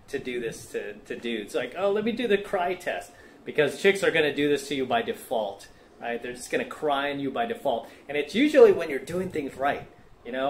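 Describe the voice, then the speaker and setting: A man's voice: medium pitch, a little hiss or hum. A man hosting a dating-coaching video and speaking emphatically to the camera, often asking "right?". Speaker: dating coach and channel host. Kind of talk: direct-to-camera coaching monologue.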